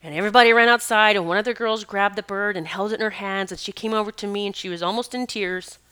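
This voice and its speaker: A woman's voice: mid-range voice, fast, a bit bright, smooth. A woman who works as an animal communicator and healer, telling a personal story in a rambling, conversational way with many asides.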